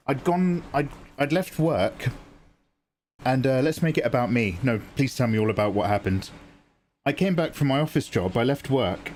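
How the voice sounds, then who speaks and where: A British man with a medium-pitched voice chats casually with viewers during a live art stream. He tells stories in a rambling, chatty way and swears casually, with a little hiss or hum in the audio.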